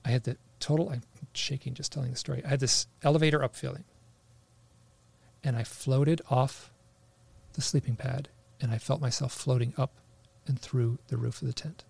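Gravelly man telling a story. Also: medium pitch. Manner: halting, full of restarts and "like"; animated, acts out quoted lines. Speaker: guest telling a personal story. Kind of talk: casual storytelling.

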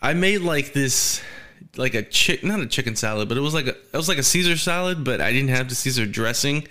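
A man's voice: mid-range voice, animated, brisk, bright, forceful tone. A young man telling a rambling, crude story in casual podcast chat, swearing and laughing often. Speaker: storyteller guest.

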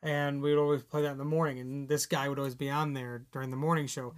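A man's voice: medium pitch, little pitch movement, fast. Easygoing man rambling in casual chat. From Chicago. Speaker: podcast co-host.

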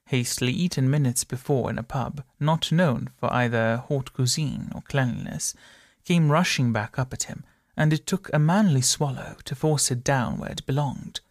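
This is a male audiobook narrator with a gravelly, mid-range voice. His storytelling is steady and measured, recorded in clean studio sound with no echo.

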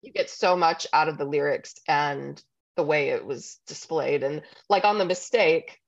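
Woman host gushing about an album, lowish voice, dry muffled audio. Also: a little slow, creaky, dry recording. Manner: enthusiastic, chatty, laughs often. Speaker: podcast host. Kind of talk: casual interview chat.

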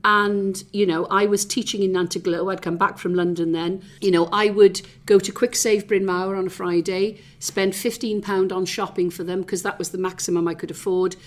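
With a Welsh accent and hardly any pauses, a middle-aged woman from the South Wales valleys chats through memories as an interview guest. Her voice is mid-range, fairly even in intonation and moderately paced, and her reflective talk is loaded with fillers and restarts.

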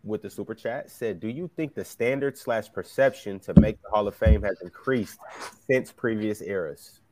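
A man hosting a basketball podcast, briskly reading out viewer questions and giving short opinions. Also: lowish voice, a little mellow. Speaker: podcast host reading super chats. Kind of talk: casual sports debate.

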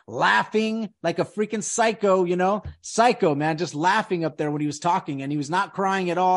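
A man hosting a casual podcast chat, emphatic, often repeating himself and restarting sentences. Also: high voice. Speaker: podcast host.

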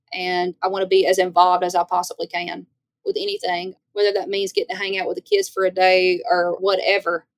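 Country singer guest, Louisiana woman, mid pitch, lively folksy storyteller, dry sound. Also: no echo. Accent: Southern US, Louisiana. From Northeast Louisiana. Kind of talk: podcast interview.

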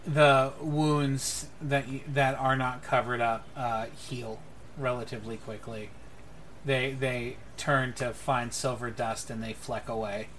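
A man narrating as game master, relaxed with many fillers. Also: mid-range voice, a little hiss or hum.

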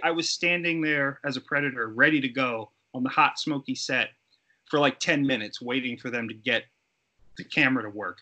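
A middle-aged man telling stories as an interview guest, animated and acting out quoted voices. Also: mid-range voice, moderate pace. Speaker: interview guest, creature suit performer. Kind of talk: casual storytelling interview.

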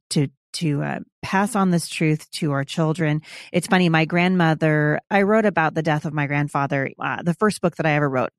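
A middle-aged woman with a fairly low voice talks with a guest in a reflective, earnest way. The recording is dry and close, with no room sound. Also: no echo. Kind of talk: conversational talk.

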